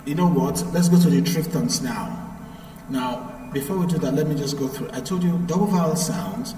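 A man's voice: on the high side, moderate pace, mellow, slight background noise. A man teaching English pronunciation to a live class, patient and repeating points to drill them. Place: echoey classroom. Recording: roomy, echoey, from far off.

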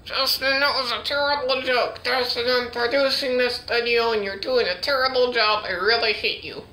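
A man voicing a bratty, high-pitched puppet. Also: steady tone, normal speed, sharp tone, roomy sound, low-quality recording. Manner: whiny, insulting. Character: bratty rude puppet sidekick.

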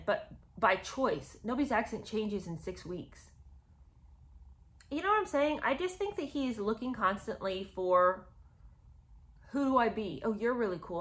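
A woman's voice: medium pitch, fairly bright tone. A woman giving casual, sarcastic commentary on a memoir and talking straight to her viewers as friends. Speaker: book commentator. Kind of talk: casual book commentary with read-aloud passages.

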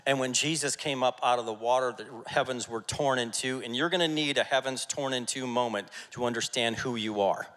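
A man preaching a sermon as pastor, energetic and jokey, rallying his congregation. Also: medium pitch, brisk, hardly any pauses. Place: church sanctuary. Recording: church hall reverb.

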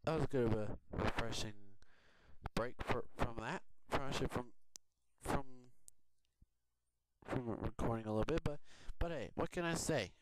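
A man from Houston giving a rambling, chatty update vlog from a quiet home, laughing often. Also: medium pitch, moderate pace. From Houston, Texas. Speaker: video blogger. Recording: noisy home recording with clicks.

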